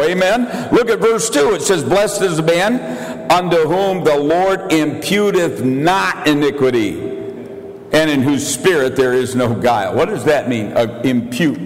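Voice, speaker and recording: An older male pastor preaching a sermon, swinging between shouted declarations and quiet, confiding asides. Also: fairly high pitch. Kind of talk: evangelical sermon. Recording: echoey church hall.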